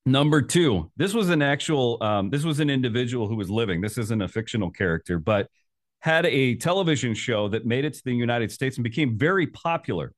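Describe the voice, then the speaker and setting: A man's voice: mid-range voice, animated, a little fast. A man hosting a podcast, asking questions in an upbeat, chatty way. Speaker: podcast host. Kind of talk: casual podcast interview.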